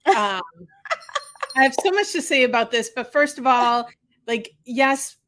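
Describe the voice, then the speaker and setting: A woman's voice: on the high side, lively intonation, measured pace, fairly bright tone, slight background noise. A woman hosting a podcast and talking about her work as a physical therapist, chatty and earnest in casual conversation.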